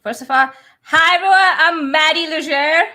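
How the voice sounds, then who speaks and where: A bubbly, giggly impostor with a put-on Boston accent, bouncing with excitement, as a woman fakes being the show's host. Her voice sits fairly high. It comes through on a video call. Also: moderate pace. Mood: playful excitement.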